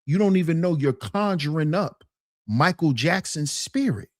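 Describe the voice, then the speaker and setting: A woman hosting a livestream, ranting in a repetitive, mocking and animated way. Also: low voice, moderate pace, no room sound, studio quality. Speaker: livestream host. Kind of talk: casual ranting commentary.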